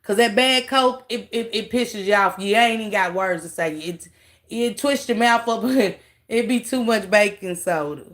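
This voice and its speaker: A woman's voice: medium pitch, normal speed, a bit bright. A woman hosting a casual livestream, mocking a clip she reacts to and talking straight to her viewers with laughing asides. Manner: talks straight to chat, thanks viewers.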